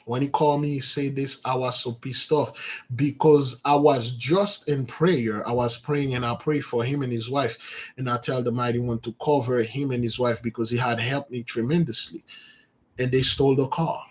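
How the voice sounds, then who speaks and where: A man's voice: medium pitch, steady tone, normal speed. A man preaching on a live stream in an impassioned, emphatic way, often repeating and restarting his phrases. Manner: emphatic and repetitive, with many restarts. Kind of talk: impassioned livestream sermon.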